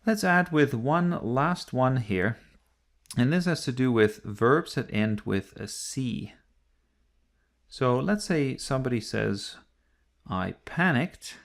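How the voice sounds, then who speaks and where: A man's voice: medium pitch, lively intonation, slow pace, gravelly. A man teaching an English grammar lesson, explaining patiently step by step and repeating key points.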